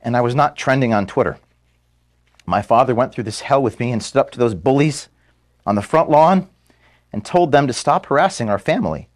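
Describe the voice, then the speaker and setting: A man giving a farewell address to his staff, filmed in an office room. He is close to tears and halting, and he stops to apologize as he speaks. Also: medium pitch, expressive. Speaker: organization founder giving a farewell speech to staff.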